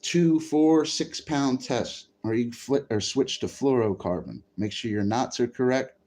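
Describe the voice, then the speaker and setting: A man's voice: medium pitch, measured pace, a little mellow. A man chatting casually on a livestream, rambling and swearing freely. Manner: profane, rambling, easily frustrated. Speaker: live streamer.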